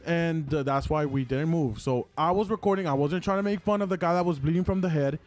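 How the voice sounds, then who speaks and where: A man's voice: on the high side, a little fast. A young man co-hosting a casual podcast, retelling a story animatedly with lots of "like". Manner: animated retelling, heavy use of "like". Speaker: podcast co-host. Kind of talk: casual chat.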